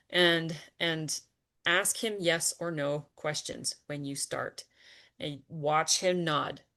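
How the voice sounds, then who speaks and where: A woman leading a spiritual conversation, earnest and animated, often laughing and trailing off with fillers. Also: low voice. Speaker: spiritual teacher.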